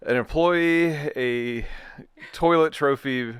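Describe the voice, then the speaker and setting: A young adult man co-hosts a casual chat, joking and rambling with many restarts. His voice is smooth and clear, and the recording is dry and close. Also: medium pitch, takes it slowly, dry recording. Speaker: co-host.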